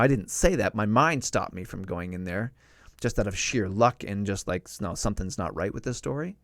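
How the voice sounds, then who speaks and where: Animated middle-aged man telling a story. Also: medium pitch, no room sound. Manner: animated storyteller, acts out shouted quotes in a raised voice. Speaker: live stream host. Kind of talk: casual storytelling to a live audience.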